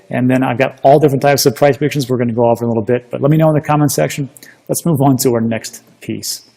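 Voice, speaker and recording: A man giving a chatty, energetic recap of a seminar in casual commentary, often restarting his sentences. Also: medium pitch, creaky. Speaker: crypto investing YouTuber. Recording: long reverb.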